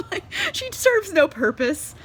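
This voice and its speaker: Her voice is very high and sing-song, and she talks slowly. She's a book vlogger reviewing a book on camera from a tripod, tipsy on wine, giggling, chatty, swearing and full of fillers.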